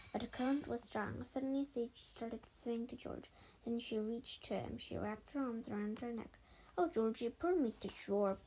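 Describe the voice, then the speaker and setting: A woman with a fairly high voice reads a children's storybook aloud. Her narration is expressive and lively, with the odd stumble and restart left in. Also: slight background noise, rough recording. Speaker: storybook reader.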